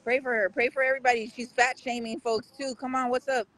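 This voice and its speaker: A man's voice: very high-pitched, little pitch movement, fast talker, pushed and bright, poor audio. A man hosting a casual live street-news stream outside a courthouse, rambling and talking straight to his viewers.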